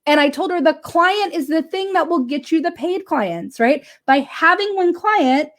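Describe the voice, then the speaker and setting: High-voiced woman business coach. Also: normal speed. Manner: animated storytelling, frequent "right?" and laughs. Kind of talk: casual motivational talk.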